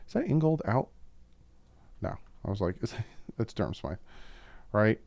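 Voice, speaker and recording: A man's voice: fairly low pitch, sing-song, moderate pace, vocal fry, a little mellow, no room sound. A man hosting a casual football film breakdown, talking as an opinionated fan with frequent asides. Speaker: YouTube football film-study host.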